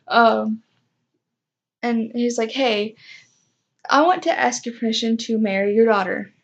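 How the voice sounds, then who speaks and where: A woman's voice: a little high, lively intonation, slow, long pauses, lo-fi sound. A young woman casually telling a personal story, self-mocking and acting out what others said. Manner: chatty, self-mocking, acts out quoted voices.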